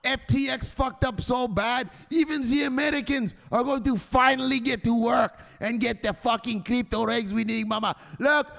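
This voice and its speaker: A man voicing an excited grown man who yells up at his mama from downstairs, shouting and repeating himself. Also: extremely high pitch, moderate pace, vocal fry, few pauses, long reverb tail, voice pushed up, exaggerated voice. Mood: frantic bragging.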